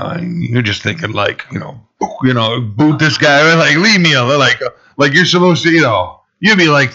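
A man giving a loose, conversational sermon, his speech full of fillers, asides and restarts. His voice sits at an ordinary middle pitch and climbs when he presses a point. The recording is a little dull and lo-fi. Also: sharp tone. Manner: casual and rambling, heavy fillers, rises in pitch for emphasis. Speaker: pastor.

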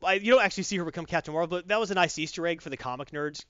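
A man chatting casually about a movie, acting out quotes in quick voices. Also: a little high, sharp tone, no room sound, lo-fi sound. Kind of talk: casual chat, movie review.

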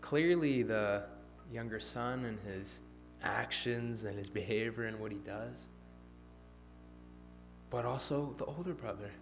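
A man delivers a sermon in a somewhat low voice, pressing hard on key lines and then falling to a near whisper. Faint instrumental music sits quietly beneath him. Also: fairly even intonation, unhurried, pauses often. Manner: swings from emphatic to hushed, near-whispered. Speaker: preacher.

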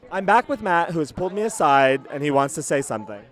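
A man hosting a podcast in casual chat at a venue after a concert, with a worn, hoarse voice after a night of singing. He is excitable, theatrical and laughs often. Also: a little high, a little fast, a faint crowd. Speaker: podcast host.

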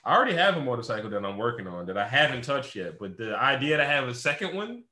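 A young man, his voice bright and sharp-edged, chatting in a roomy, echoey space. He tells stories loosely and crudely, with plenty of swearing and joking around. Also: medium pitch, sing-song, fast talker. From Philadelphia. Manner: loose, crude, jokey storytelling. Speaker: podcast co-host. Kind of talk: casual chat. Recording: roomy echo.

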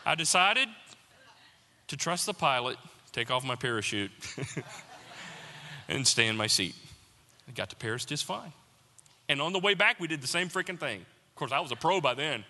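A man preaching a sermon, telling a personal story with animated mock panic before slowing into an earnest appeal. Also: medium pitch, in a large hall, a little hiss or hum. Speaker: pastor.

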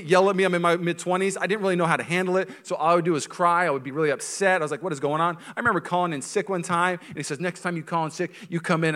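A man preaching a sermon in a bright, somewhat high voice. He talks to the congregation in a casual, jokey way, dropping quiet for serious points and rising loud for punchlines. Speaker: pastor.

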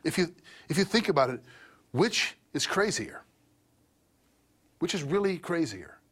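A middle-aged man preaching a sermon in a loose, conversational way, with a husky, slightly breathy voice. He asks his listeners question after question and slips into mocking voices to act out what people say. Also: on the high side, sing-song, unhurried, a bit bright. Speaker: pastor.

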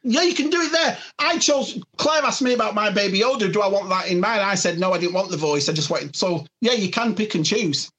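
A man's voice: sits high, expressive, brisk, hardly any pauses, fairly bright tone. A man with a Yorkshire accent from Northern England, chatting casually as a podcast guest. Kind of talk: casual chat.

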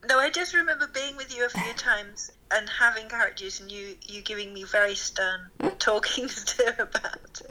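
Very bright, playful woman chatting. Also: a little high, normal speed, few pauses, low-quality recording. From London. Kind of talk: casual chat.

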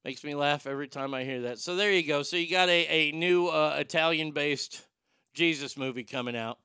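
A man hosts a talk show with loose, joking, irreverent banter. His voice is gravelly and bright, with a crisp, clean tone. The sound is dry and close. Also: fairly high pitch, brisk, no room sound. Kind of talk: casual comedic banter.

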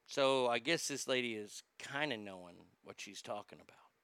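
A man hosting a commentary show, reading out news and reacting with indignant, sarcastic remarks and halting restarts when he gets riled. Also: medium pitch, fairly bright tone, clean tone, no room sound. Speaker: podcast host.

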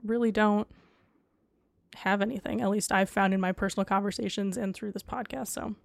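A woman co-hosts a casual podcast, dropping short, dry, sarcastic remarks. Her voice is mid-pitched. The sound is dry and close, with no room echo. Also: fairly even intonation, fairly quick, creaky. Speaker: podcast co-host. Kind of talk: casual chat.

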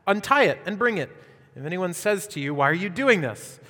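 Animated male preacher in a reverberant hall. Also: sits high, fairly quick. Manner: animated preaching with rhetorical questions. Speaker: pastor. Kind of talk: sermon.

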